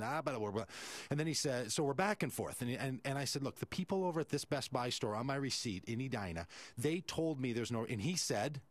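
A man's voice: medium pitch, no echo. A male radio host, telling a story animatedly and acting out the quoted voices.

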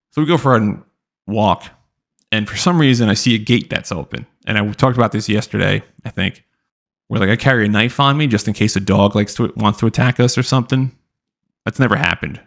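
A man's voice: on the low side, creaky. A young man hosting a live-streamed podcast, telling rambling stories full of fillers. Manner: rambling, animated storytelling with many fillers. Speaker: podcast host. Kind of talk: casual live-stream chat.

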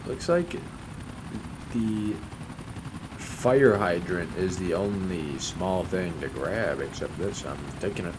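A man's voice: deep voice, slow pace, noisy background. A man giving casual gameplay commentary, sarcastic and mock-polite, swearing often as he plays. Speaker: gaming YouTuber.

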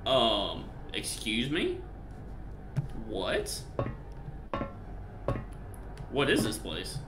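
A man with an American country accent, joking and chatting through a horror game as a streamer, loud when scared. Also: mid-range voice, wildly swooping pitch, extremely slow, roomy sound, noisy background. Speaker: gaming streamer. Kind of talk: live gameplay commentary.

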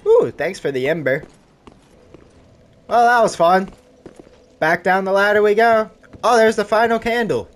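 A man giving casual, excitable commentary while playing a video game, yelping and talking back to enemies. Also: high voice, a little slow, long pauses, a little hiss or hum. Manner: excitable, yelps and talks to enemies. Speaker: gaming channel host.

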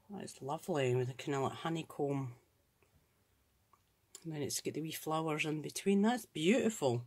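A Scottish woman hosting a crafts channel, chatting casually and gushing with admiration as she opens and looks over craft supplies. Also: low voice. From Scotland. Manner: gushing, admiring, thinks aloud. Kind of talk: casual unboxing chat.

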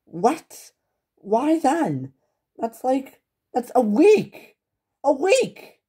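A woman plays a frantic young father-to-be in a toy-figure home drama, pitched up high and spilling over with worry. His tone stays mellow and soft-edged, and his words tumble out in anxious bursts. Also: big pitch swings, very slow, husky, exaggerated voice. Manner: frantic, high-strung, breaks into distress. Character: panicking young father-to-be, man.

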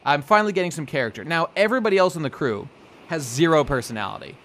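A man's voice: a little high, lively intonation, quick pace, a bit bright, slight background noise. Rambling, profane man on a podcast. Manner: rambling, profane, acts out characters' lines. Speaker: podcast co-host. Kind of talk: casual chat.

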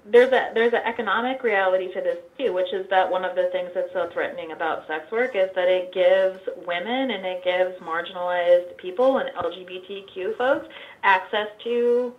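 A woman's voice: medium pitch, normal speed, phone-quality sound. A woman speaking as a guest on a radio talk show, earnest and thoughtful. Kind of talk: casual talk interview.

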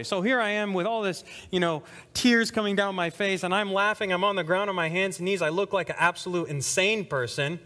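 A young man preaching a sermon, telling his conversion story with shifts between hushed and excited delivery. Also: high voice, big-room sound. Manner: emotional storytelling, swings between soft and excited. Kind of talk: testimony sermon. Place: church hall.

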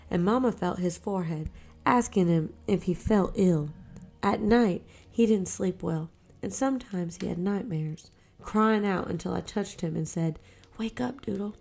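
A woman narrating a short story aloud in a measured, quiet manner, lightly acting the dialogue. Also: mid-range voice, gravelly. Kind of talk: storybook reading.

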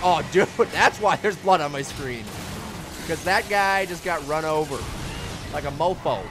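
A young man hosting a gaming channel, giving goofy, excitable let's-play commentary, yelling and laughing at the game. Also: fairly high pitch, measured pace. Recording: game music loud behind the voice. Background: video game music and vehicle sounds.

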